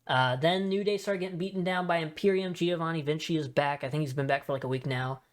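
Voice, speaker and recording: A man hosting a podcast in a casual solo chat, talking in an excitable, rambling way with many asides. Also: on the high side, fast. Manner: excitable, rambling fan talk with frequent fillers and asides. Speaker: wrestling podcast host.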